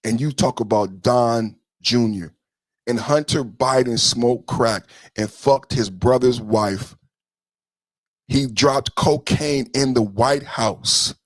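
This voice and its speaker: A man's voice: slow, dry recording. A man hosting a podcast livestream, ranting about politics in a combative, profane way, scolding his chat and repeating points for emphasis. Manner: emphatic repetition, swings between loud and low. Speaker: podcast host.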